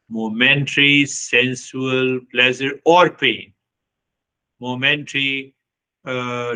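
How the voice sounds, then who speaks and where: A man's voice: medium pitch, pushed and bright, low-quality recording. A man giving a reflective spiritual talk, earnest and repetitive, often questioning his listeners. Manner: earnest, repetitive, with short laughs and acted quotes. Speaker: spiritual teacher.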